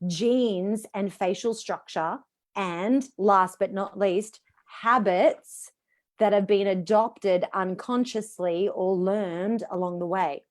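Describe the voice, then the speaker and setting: Aussie lady voice coach on a video call, lively, acts out voices as she teaches. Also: mid-range voice. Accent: Australian. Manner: expressive, demonstrates voices while teaching. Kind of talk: guest speaking on a live video call.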